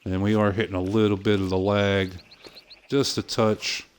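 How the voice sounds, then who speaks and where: A middle-aged man from Pittsburgh with a softened Pittsburgh accent, casually chatting with viewers while streaming a hunting game, full of "uh" fillers and easy laughs. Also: on the low side, level tone, normal speed, clear, resonant tone. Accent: softened Pittsburgh American. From southwest Pennsylvania, USA. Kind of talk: casual live-stream commentary.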